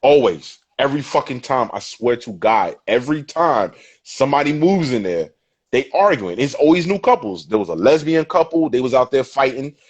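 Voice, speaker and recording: A man on a casual podcast, telling stories in an animated, profane way. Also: mid-range voice, moderate pace, slightly rough. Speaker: podcast guest. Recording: dull lo-fi sound.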